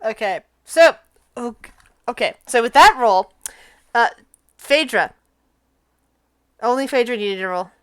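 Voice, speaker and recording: A woman acting as game master, narrating a tabletop game in a calm, matter-of-fact way on a close mic. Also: a little high, takes it slowly, pauses often, clean tone, dry recording.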